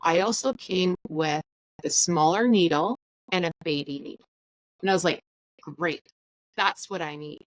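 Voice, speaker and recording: A woman casually telling a personal story, chatty and animated, acting out the lines of the people in it. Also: on the low side, unhurried, long pauses, no room sound, rough recording. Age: adult with school-age or older children. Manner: chatty, animated, acts out dialogue. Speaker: podcast host sharing her story.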